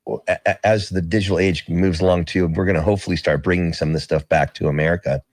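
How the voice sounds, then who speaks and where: Deep male voice, dry close sound, halting talker who restarts often. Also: fairly even intonation, no echo. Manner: halting, many restarts and fillers. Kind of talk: casual discussion.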